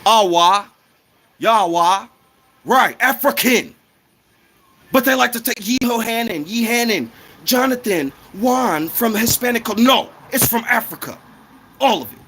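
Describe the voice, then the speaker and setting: Heated high-voiced man ranting. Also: expressive, unhurried, pushed and bright, slightly rough. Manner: heated, profane, repetitive. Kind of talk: casual monologue rant.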